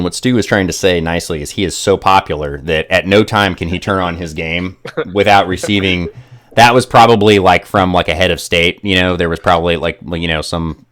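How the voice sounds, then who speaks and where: A man's voice: low-pitched, a bit bright. A man hosting a casual gaming live stream, joking and rambling with lots of fillers.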